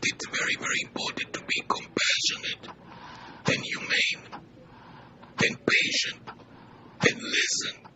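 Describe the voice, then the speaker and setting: An older man with an Israeli accent and a whispery, weak voice, speaking earnestly in short measured phrases in an interview. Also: noisy background. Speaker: physician interviewee.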